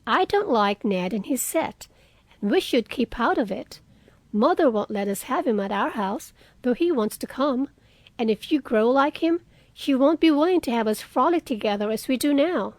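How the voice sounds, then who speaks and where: A woman's voice: high voice, lively intonation, moderate pace, dry recording. A woman voicing a frank, spirited young woman in an audiobook reading, earnest and outspoken.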